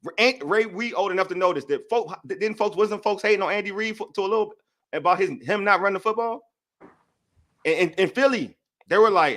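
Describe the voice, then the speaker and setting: A man's voice: high voice, quick pace, a bit bright. A man hosting a casual sports debate show, heated and slangy as he vents his frustrations.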